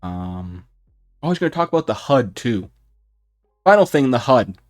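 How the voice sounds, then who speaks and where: A young man giving unscripted commentary on a video game, heated and profane, with his voice rising toward shouting. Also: mid-range voice, big pitch swings, normal speed, soft background music. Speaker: gaming YouTuber.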